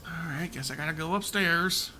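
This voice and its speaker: A man's voice: fairly high pitch, moderate pace, sharp tone, a little hiss or hum. A man streaming a video game live, chatting offhand with a congested, nasal voice. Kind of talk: casual live gameplay commentary.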